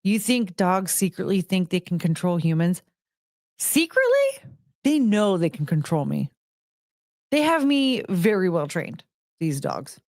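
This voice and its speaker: A woman's voice: fairly low pitch, expressive, unhurried, a little mellow, no room sound, studio quality. A woman livestreamer chatting casually in a rambling way, with lots of fillers.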